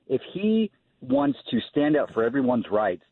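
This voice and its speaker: Indignant male radio caller, husky voice, tinny phone line. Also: mid-range voice, wildly swooping pitch, normal speed, no room sound. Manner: indignant, rhetorical. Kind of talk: phone call to talk radio.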